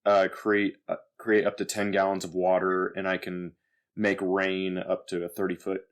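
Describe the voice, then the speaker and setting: A man with a deep, low voice plays a tabletop game. He explains his character's action in a rambling, hesitant way, stumbling over restarts and piling on fillers. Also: completely flat delivery, normal speed. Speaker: player. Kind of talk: casual tabletop game play.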